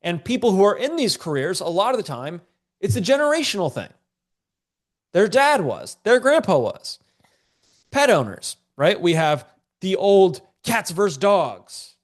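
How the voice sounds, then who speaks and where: A man's voice: sits high, very animated, measured pace. A man teaching a live-streamed business class, a bit congested, talking in a casual, joking, slangy way to viewers in a chat. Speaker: online business coach.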